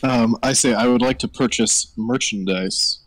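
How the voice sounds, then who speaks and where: A man's voice: mid-range voice, measured pace, crowd noise, rough recording. A man playing a tabletop game, speaking in short, plain turns. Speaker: player. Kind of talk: casual tabletop play.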